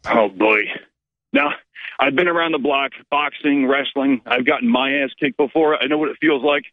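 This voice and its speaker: A man's voice: mid-range voice, moderate pace, no echo. A man calling in to a talk radio show, talking in a blunt, self-assured and boastful way. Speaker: caller. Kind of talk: call-in talk radio chat. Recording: tinny phone line.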